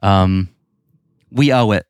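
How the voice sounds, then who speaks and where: A man co-hosting a podcast, chatting casually and getting animated, repeating words as he gets going. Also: deep voice, slow pace, clean tone, no room sound, studio quality. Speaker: podcast co-host. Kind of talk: casual chat.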